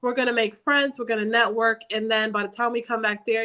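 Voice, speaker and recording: Brief: New woman, podcast cohost, blunt and profane, a bit high-pitched. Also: steady tone, brisk, few pauses, sharp tone. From New York. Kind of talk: casual chat.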